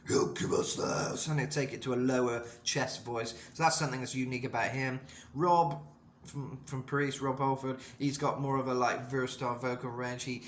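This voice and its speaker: A man's voice: mid-range voice, a bit bright, reverberant, a little hiss or hum. A man giving a casual singing lesson and explaining vocal technique in loose, rambling talk full of fillers. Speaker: vocal coach.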